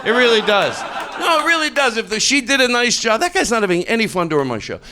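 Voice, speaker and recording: High, lively-voiced Philadelphia comedian. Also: male voice, quick pace, background noise. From Philadelphia, USA. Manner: mock-earnest, rambling, self-interrupting. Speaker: stand-up comedian. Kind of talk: improvised stand-up set. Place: comedy club stage.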